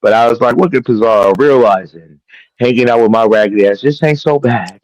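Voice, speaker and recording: A man with a mid-pitched voice, recorded dry and close. He hosts a casual chat in a hesitant way, full of fillers, with a playful edge. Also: a little fast, darkish tone, no room sound, poor audio.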